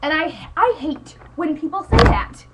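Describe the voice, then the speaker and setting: A teenage girl, a high school vlogger, rants into her webcam at home, rambling and exasperated and saying "like" constantly. Her high voice is expressive and a little slow, and the recording is very noisy.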